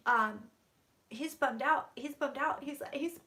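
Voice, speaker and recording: A woman's voice: fairly high pitch, steady tone, moderate pace, creaky, a bit bright. A woman psychic channeling on a live stream from her room, talking intensely, dropping to whispers and swearing freely. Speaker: psychic reader.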